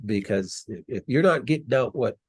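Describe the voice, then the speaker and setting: A man hosting a casual interview, speaking relaxed with frequent restarts. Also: medium pitch, moderate pace, slightly rough, no room sound. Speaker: host.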